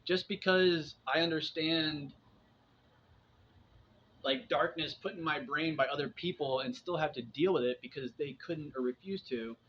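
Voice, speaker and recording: A man's voice: fairly high pitch, unhurried. Guy in his 40s just talking to camera, rambly, lots of restarts, kinda dull muffled audio with a bit of hiss. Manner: rambling, restarts, frequent "like" and "man". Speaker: vlogger sharing personal experience. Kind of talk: casual spoken monologue. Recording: dull lo-fi sound with faint background noise.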